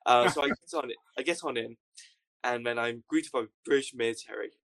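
Gravelly, wry man. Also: medium pitch, fairly quick. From Wales. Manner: deadpan, wry understatement. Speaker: guest. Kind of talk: casual storytelling anecdote.

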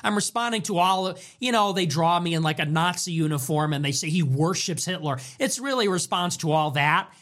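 A talk show host in a heated monologue, talking in an animated, profane and emphatic way and repeating phrases for emphasis. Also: medium pitch, brisk, hardly any pauses.

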